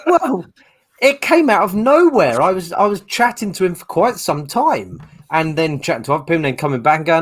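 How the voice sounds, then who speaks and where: A man's voice: a little high, a little fast. A man, telling anecdotes in casual podcast chat, laughing often and doing voices. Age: late 30s. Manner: animated storyteller, laughs often, does voices. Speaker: podcast panelist.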